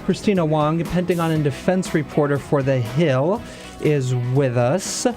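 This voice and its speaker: A man's voice: a little high, measured pace, music in the background. Upbeat male talk radio host.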